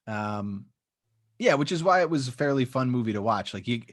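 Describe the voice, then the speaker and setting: A man's voice: medium pitch, animated, normal speed. A man co-hosting a podcast, chatting casually about a movie and often hedging with "like" and "um". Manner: rambling, hedging with "like" and "um". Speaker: podcast co-host. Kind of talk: casual chat.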